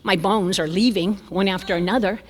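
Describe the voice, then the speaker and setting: Lively older lady telling funny stories at a church conference, big echoey hall. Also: medium pitch, a little fast. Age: 70s. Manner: lively, self-mocking, chuckling storyteller. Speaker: conference speaker. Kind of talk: humorous storytelling talk. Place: church sanctuary.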